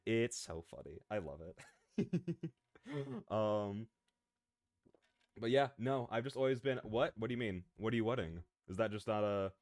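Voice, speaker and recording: A man streaming as a VTuber, chatting casually with his viewers in an excitable, rambling way, drifting off on tangents and laughing often. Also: fairly low pitch, measured pace, pauses often, no echo. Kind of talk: casual live-stream chat, answering viewers.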